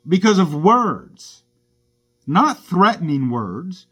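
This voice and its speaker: A man's voice: on the high side, expressive, slow, long pauses, a bit bright. A man who drives for a rideshare service, giving an indignant first-person account of a run-in with police. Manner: indignant, aggrieved storytelling.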